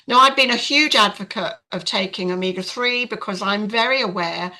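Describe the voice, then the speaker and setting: Older woman, podcast guest, frank storyteller with a bright, forceful tone. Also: medium pitch, normal speed, poor audio. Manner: frank, chatty, many fillers. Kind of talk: casual storytelling.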